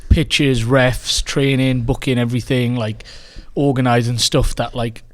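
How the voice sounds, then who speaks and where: A man's voice: mid-range voice, little pitch movement, measured pace. Rambling, laid-back male podcast co-host. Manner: rambling, lots of "like" and restarts. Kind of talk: casual chat. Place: club podcast recording with mates.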